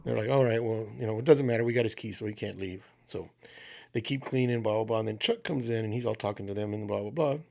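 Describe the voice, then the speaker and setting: A man on a podcast, telling a drinking story in casual, profane, animated chat. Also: lowish voice, quick pace, creaky. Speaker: podcast co-host.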